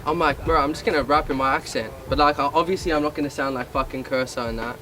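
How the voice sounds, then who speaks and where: A man's voice: a little high, steady tone, quick pace, background noise. A young man with a Western Sydney Australian accent, talking casually in an interview, laid-back and sweary, with lots of fillers. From South-West Sydney, Australia. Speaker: rapper interviewee.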